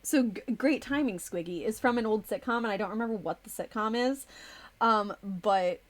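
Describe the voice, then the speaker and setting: A woman's voice: a little high, moderate pace. A woman streamer in casual live-stream chat, chatty and a little distracted as she reads chat aloud and types. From United States.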